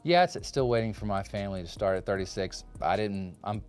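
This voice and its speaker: A man's voice: fairly low pitch, a little fast, a little mellow, soft background music. A man in his forties chatting casually and jokingly with viewers while carving on a phone live stream in his home workshop. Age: 40s. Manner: joking, rambling, chats with viewers' comments. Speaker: woodcarving livestreamer. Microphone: phone propped up.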